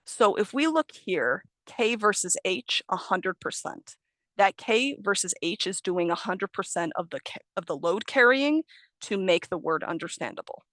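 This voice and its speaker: This young ESL teacher from the US speaks with medium pitch, expressive delivery, and a fairly bright tone at a moderate pace, with no echo on her video call. Her online training talk is patient and explanatory, dotted with self-corrections and light laughter.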